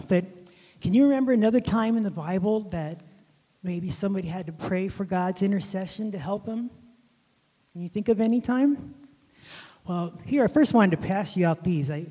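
A man teaching a Bible lesson by telling a story from his childhood, rambling and halting with many restarts. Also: high voice, dark tone, husky. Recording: long hall reverb.

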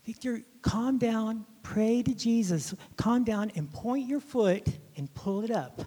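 A man voicing his kind Christian schoolteacher, calmly instructing a frightened child. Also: very high voice, slow pace, full character voice. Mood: soothing. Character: kind, calm Christian woman teacher. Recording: long hall reverb.

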